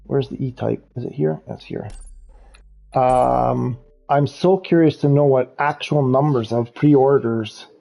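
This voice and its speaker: Over soft background music, a man with an unhurried, creaky, mellow mid-range voice plays a racing game on a live stream. He talks loosely to his chat, rambling and laughing frequently in casual commentary, and the stream audio is dull and lo-fi.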